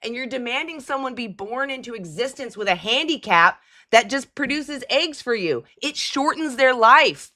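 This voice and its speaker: Bright-voiced woman, blunt and mocking. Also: fairly high pitch, animated, normal speed. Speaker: livestream host taking callers. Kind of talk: live call-in debate stream.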